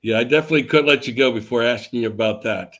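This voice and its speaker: A man hosting an interview, asking a relaxed closing question. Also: mid-range voice, very fast, lo-fi sound. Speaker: interview host. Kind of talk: casual interview.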